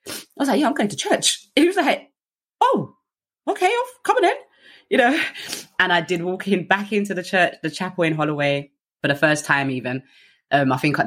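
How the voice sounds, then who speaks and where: Low-voiced British woman telling her story. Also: fairly bright tone. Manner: conversational, many fillers, acts out others in raised voices. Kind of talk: candid personal storytelling.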